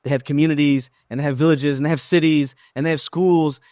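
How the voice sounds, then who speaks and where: A man's voice: on the high side, fairly even intonation, fast talker, a little mellow, dry recording, clean studio sound. A man speaking as a podcast guest in an earnest, thoughtful way, often restarting his sentences. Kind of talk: conversational interview.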